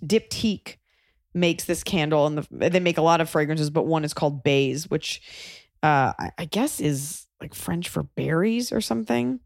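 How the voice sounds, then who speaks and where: A woman's voice: sits low, normal speed, gravelly, darkish tone, no room sound, clean studio sound. A woman from Texas hosting a podcast, chatting casually and acting out voices in her stories. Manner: chatty, acts out voices in anecdotes. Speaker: podcast host. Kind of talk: casual chat.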